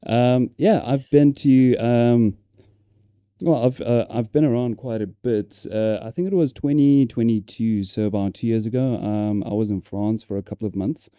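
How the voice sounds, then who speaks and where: A man's voice: mid-range voice, normal speed, dark tone, clear, resonant tone, dry recording, clean studio sound. A man with a South African accent, chatting casually on a live stream, hesitant with many ums and repeated words.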